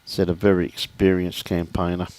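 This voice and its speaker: A man's voice: low-pitched, level tone, normal speed, darkish tone. A man giving live lawn bowls commentary, chatty and joking, often calling people "mate".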